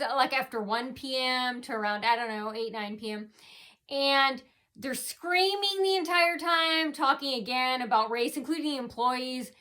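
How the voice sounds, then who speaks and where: A woman vlogger telling a long rambling personal account, halting, with many fillers and restarts, her sentences often trailing off quietly. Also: sits high.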